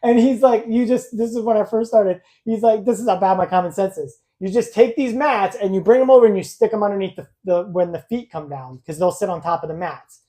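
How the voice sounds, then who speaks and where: A woman's voice: medium pitch, a little fast, few pauses, warm tone. A young adult woman co-hosting a casual podcast, a blunt, rambling storyteller who laughs at herself. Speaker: podcast co-host. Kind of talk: casual podcast chat, live-streamed.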